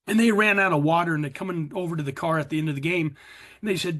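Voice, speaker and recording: A middle-aged American man shares his testimony at a recovery meeting, talking fairly quickly in a fairly bright voice a bit higher than average. He comes across as earnest and confessional, playing out his past self's lines.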